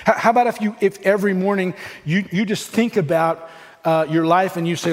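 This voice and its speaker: A man's voice: high voice, steady tone, brisk. A man, a pastor preaching a sermon in a conversational way, acting out everyday dialogue as he goes. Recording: long hall reverb with faint music.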